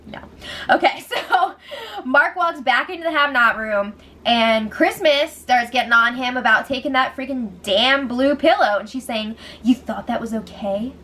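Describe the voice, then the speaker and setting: A woman's voice: sits high, normal speed, sharp tone. Sarcastic young woman recapping gossip. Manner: sarcastic, laughs often, quotes people in mocking voices. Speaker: show recap host. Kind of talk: casual recap.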